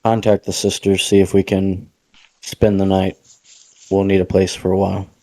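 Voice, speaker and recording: Calm, flat-voiced player, a man. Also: low voice, moderate pace, no echo, poor audio. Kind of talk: casual tabletop play.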